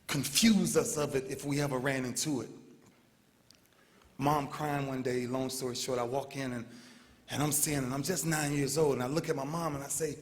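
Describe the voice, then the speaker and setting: A man in his thirties giving an emotional, heartfelt banquet speech, repeating his phrases with earnest feeling. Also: medium pitch. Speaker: award speaker. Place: large banquet hall. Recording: long hall reverb.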